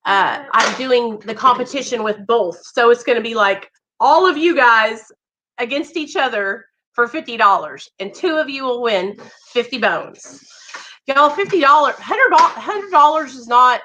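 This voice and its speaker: A young woman chatting warmly with viewers on a livestream, greeting them by name. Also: on the high side, lively intonation, measured pace, noisy background. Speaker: livestream host. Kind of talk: casual livestream chat.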